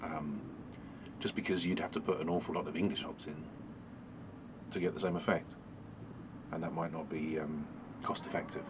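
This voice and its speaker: A man from the United Kingdom reviewing a beer in a casual vlog, talking in a dry, understated way with many pauses and fillers. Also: very deep voice, level tone, noisy background.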